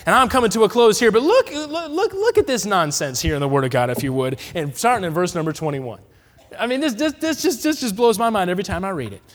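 A man from Massachusetts preaching an emphatic sermon in a church, swinging between loud declarations and quiet asides. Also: fairly high pitch, very animated, quick pace. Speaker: evangelist preacher. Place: church sanctuary. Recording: long reverb of a church hall.

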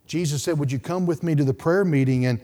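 A man preaching a sermon as pastor, swinging from hushed, quiet passages to loud, climbing peaks. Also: fairly high pitch, fast talker. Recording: long hall reverb.

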